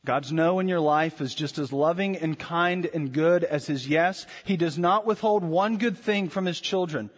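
In a church sanctuary, a high-voiced male pastor delivers a sermon at a moderate pace with few pauses, pressing his listeners with rhetorical questions. He alternates between forceful lines and quiet, intimate ones, and his voice fades into the long reverb of a large hall.

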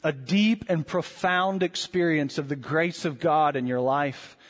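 A high-pitched man preaches a sermon in a large sanctuary. His earnest delivery swells on the key points and falls to near-whispers, and a long reverb trails every phrase. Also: a little slow. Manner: earnest preaching with rising emphatic peaks and quiet drops. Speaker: pastor.

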